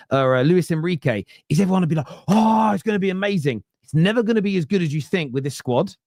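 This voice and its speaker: A man hosting a casual football fan podcast, talking in an animated way and often tripping over his words. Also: fairly high pitch, no room sound, studio quality. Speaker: podcast host.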